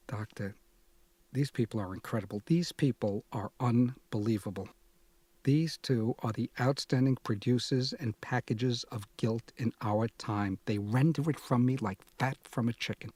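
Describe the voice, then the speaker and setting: A man reads a first-person audiobook, moving between sardonic asides and anguished confession. His voice is husky and breathy in a middle register. The recording is close and dry. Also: mid-range voice, moderate pace, darkish tone, no room sound. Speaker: audiobook narrator.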